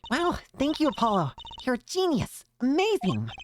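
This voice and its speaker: A man's voice: very high voice, huge pitch swings, normal speed, a little hiss or hum, pitched above the performer's own voice, full character voice. A man voicing a bubbly, teasing teenage girl stage magician as he reads game dialogue aloud. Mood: playful. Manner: teasing, chirpy and playful. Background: game music.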